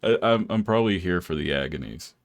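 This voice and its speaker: Very deep-voiced young man chatting. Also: animated, a little fast, no room sound, clean studio sound. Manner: laid-back storytelling, laughs often. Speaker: podcast host. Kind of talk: casual chat.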